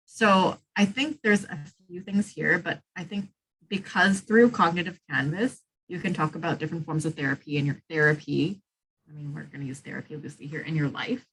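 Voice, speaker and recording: A woman's voice: low voice, brisk, a bit bright, breathy edge, poor audio. A woman coaching a student on an admissions essay over a video call, guiding her with a stream of checking questions.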